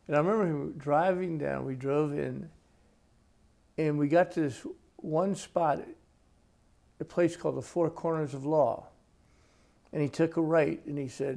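Author interview: gravelly man in his 60s, dark-toned voice, folksy and unhurried storyteller. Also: a little high, steady tone. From United States. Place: his home.

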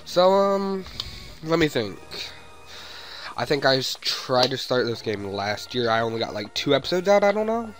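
A man's voice: mid-range voice, sing-song, moderate pace, soft background music. A young man rambling playfully as he comments on a video game he is playing. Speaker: let's play host. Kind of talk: let's play commentary.

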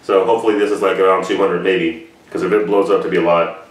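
A man's voice: low-pitched, fairly even intonation, fast talker. A man hosting a reaction video, telling a rambling story to camera with heavy swearing. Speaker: reaction channel host. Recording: echoey room from far off.

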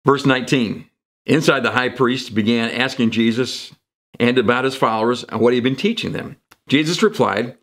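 Guy pastor preaching sunday sermon, chatty, mid pitch, does little voices for the bible folks. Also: normal speed, fairly bright tone. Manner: conversational, jumps into quoted voices for emphasis. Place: church sanctuary.

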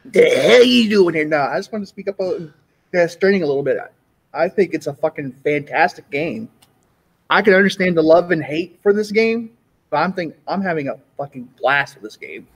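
A man co-hosting a casual gaming podcast, enthusiastic and profane, with halting restarts. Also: fairly high pitch, lively intonation, fairly bright tone, breathy edge.

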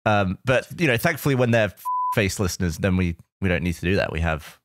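A man's voice: deep voice, lively intonation, fairly quick, fairly bright tone, no room sound, clean studio sound. A man co-hosting a podcast in casual chat, self-deprecating, laughing often and filling his speech with "like". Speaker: podcast co-host.

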